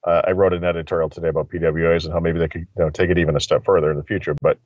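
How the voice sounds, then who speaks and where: A man's voice: deep voice, flat delivery, very fast, a little mellow, no room sound. A man talking tech in casual chat, rambling and thinking aloud with lots of fillers, calling in by phone. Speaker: tech commentator. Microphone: phone line. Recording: dull lo-fi phone audio.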